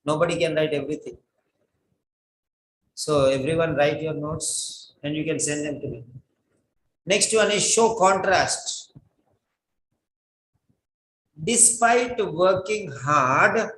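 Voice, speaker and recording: A man's voice: on the high side, fairly bright tone, a little hiss or hum. A man teaching an English writing class, giving a lecture and drilling instructions by repeating them again and again. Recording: echoey room.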